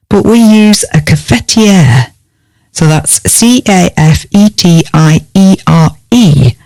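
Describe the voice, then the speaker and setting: A woman's voice: lowish voice, a little mellow, no room sound. Woman teaching vocabulary. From United Kingdom. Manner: spells words out letter by letter, clear and measured. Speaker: English teacher. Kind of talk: scripted vocabulary lesson.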